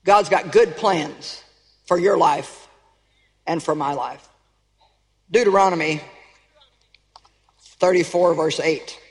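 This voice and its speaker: A woman's voice: low-pitched, takes it slowly, pauses often. An emphatic woman preacher delivers a sermon and keeps calling on her audience to answer back. Her voice carries with a long, ringing reverb from a large auditorium. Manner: emphatic, calls for audience response.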